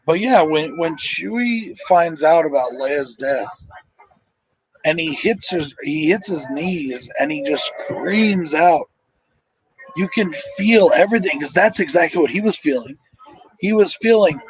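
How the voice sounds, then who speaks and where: Man, movie commentary host, higher husky voice, tired, swears a lot, rambles emotionally. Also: animated, a little slow, low-quality recording. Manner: profane, emotional and rambling, with many fillers. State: tired and sleepy. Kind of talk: casual live movie commentary.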